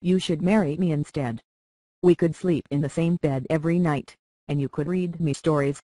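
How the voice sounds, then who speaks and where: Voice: medium pitch, fairly even intonation, normal speed, mellow, no echo, natural voice. A reader voicing a petulant, clingy young boy lord in an audiobook, whiny and pleading. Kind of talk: audiobook character reading.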